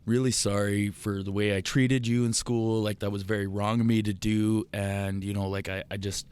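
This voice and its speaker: A man, a podcast guest telling profane, animated stories in casual chat. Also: on the low side, normal speed, clear, resonant tone. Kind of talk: casual storytelling.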